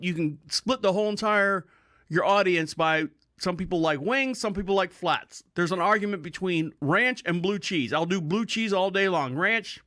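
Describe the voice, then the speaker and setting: A man's voice: high-pitched, bright, forceful tone, no room sound, clean studio sound. A man hosting a podcast, telling a rambling story in casual talk, swearing freely and laughing often. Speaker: podcast host.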